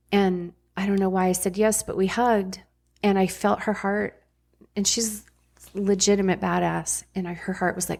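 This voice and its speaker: A woman's voice: mid-range voice, level tone, moderate pace, creaky, darkish tone. A middle-aged woman, a podcast guest and former ER nurse, telling her story candidly in a blunt, casual way with frank swearing.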